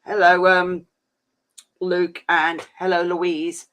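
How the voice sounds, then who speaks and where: A man's voice: high voice, completely flat delivery, slow, bright, forceful tone, clean tone. A man chatting casually on a live stream, rambling and saying "flipping" a lot.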